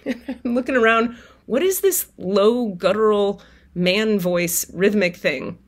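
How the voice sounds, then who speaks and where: A woman telling viewers a personal story in a casual, animated way, swearing freely and acting out her own outbursts. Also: mid-range voice, slow pace. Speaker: tarot reader and spiritual vlogger.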